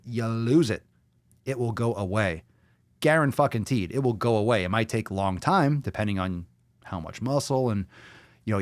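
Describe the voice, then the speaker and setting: A brash, profane man rants his way through his own podcast in a casual, mocking tone. His pitch bounces up and down in a lively way. The sound is close and dry. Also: dry recording. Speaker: podcast host. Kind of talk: casual ranting podcast talk.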